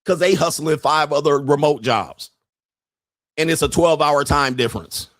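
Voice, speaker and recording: A man's voice: a little high, normal speed, fairly bright tone, no echo. Brash ranting man, very dry sound. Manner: brash, ranting, laughs often, mimics people. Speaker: podcast host. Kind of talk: profane livestream monologue.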